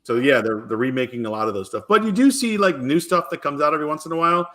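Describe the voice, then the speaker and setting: A middle-aged man hosting a podcast, chatting casually and telling stories in an animated, rambling way with frequent restarts. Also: on the high side, fast talker. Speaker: podcast host. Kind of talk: casual chat.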